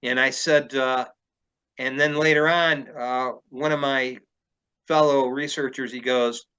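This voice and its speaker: Guy rambling through a camp story, lots of uhs and restarts, sharp bright tone. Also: mid-range voice, fairly even intonation, a little slow, smooth, highs cut off. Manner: rambling, with many fillers and restarts. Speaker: field researcher telling an encounter story. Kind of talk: casual storytelling in conversation.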